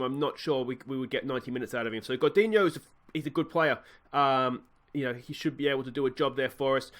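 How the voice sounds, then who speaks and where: Aussie guy narrating his footy manager save, kinda high voice, mutters then gets hyped. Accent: Australian. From Australia. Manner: chatty, muttering asides, bursts of excitement at goals. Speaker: gaming YouTuber. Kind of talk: let's play commentary.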